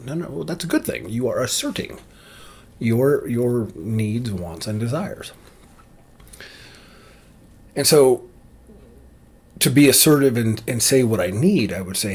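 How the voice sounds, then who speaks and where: A man's voice: medium pitch, big pitch swings, a little slow, pauses often, slightly rough. A man ranting casually and bluntly to camera, opinionated and rambling, with frequent restarts. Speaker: vlogger.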